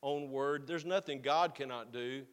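A man's voice: medium pitch, clean tone. Earnest male pastor in a reverberant hall. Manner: earnest, building to slow emphatic stresses. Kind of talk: sermon.

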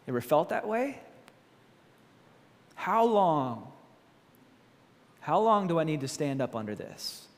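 A man preaching a sermon as a pastor, animated and full of rhetorical questions. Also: on the high side, big-room sound.

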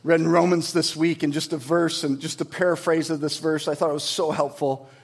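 A man preaching a sermon in an earnest, conversational way, swinging between emphatic peaks and quiet low passages. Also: little pitch movement, brisk, creaky, breathy edge. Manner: conversational with tag questions and restarts. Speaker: pastor.

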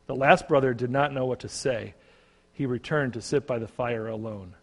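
Man telling a parable, echoing. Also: medium pitch. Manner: measured storytelling. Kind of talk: sermon storytelling. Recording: long reverb.

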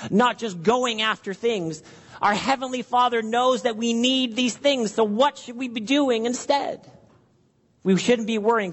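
A man's voice: high voice, long reverb tail. A man preaching an earnest sermon, acting out worried questions and prayers to his listeners. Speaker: pastor.

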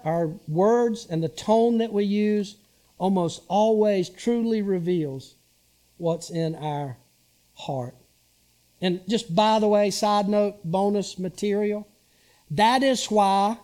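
A pastor in his sixties delivers a sermon, talking with his congregation as much as to it and checking in with rhetorical questions. He is a man with a high-pitched voice and an unhurried, deliberate pace. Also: a little mellow.

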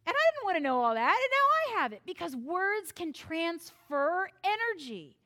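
A woman pastor delivering a sermon, telling stories with lively acted-out quotes. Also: very high-pitched, moderate pace. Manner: animated storytelling, acts out quoted voices.

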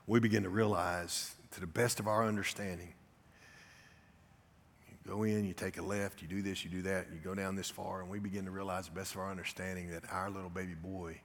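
A middle-aged man preaching a sermon, telling a personal story with big swings from loud to hushed. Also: lowish voice, vocal fry, breathy edge. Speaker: guest preacher. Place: church sanctuary. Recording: reverberant church hall.

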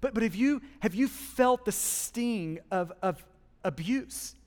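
A man preaching a sermon as pastor, with passionate swings between hushed and loud emphasis, speaking in a church. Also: high-pitched, expressive, takes it slowly, long reverb tail. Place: church hall.

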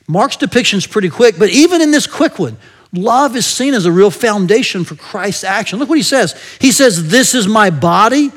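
High-voiced man preaching a conversational sermon. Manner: engaging, asks the listeners rhetorical questions often; drops to a soft murmur at the end of many phrases.

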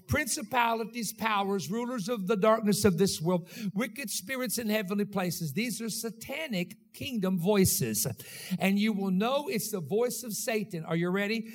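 A man's voice: high-pitched, moderate pace. A man preaching a sermon as pastor, in a rhythmic style with frequent call-outs to his congregation.

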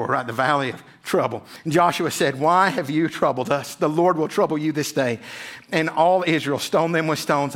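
A man's voice: on the high side, a bit bright. A male pastor preaching a sermon, reading scripture aloud and often repeating words as he builds intensity.

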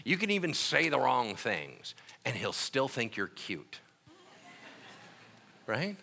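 A man preaching a sermon as an animated, joking storyteller who often laughs at his own asides. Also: mid-range voice, takes it slowly, vocal fry, long pauses. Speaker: pastor.

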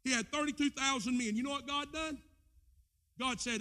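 Male pastor, high voice, impassioned church sermon with big swings in volume. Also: normal speed. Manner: impassioned preaching, swinging between shouts and low asides. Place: church with a screen.

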